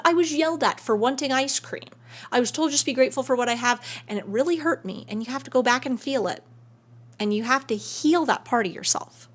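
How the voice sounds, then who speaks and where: A woman hosting a spiritual self-help video, talking to camera in an air-conditioned room, emotive and swinging between soft and excited. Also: fairly high pitch.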